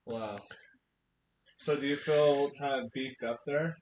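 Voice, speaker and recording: A man playing in a tabletop game, chatting casually and easygoing, often agreeing quickly. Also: steady tone, darkish tone. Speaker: player. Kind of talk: casual chat. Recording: echoey room with faint rumble.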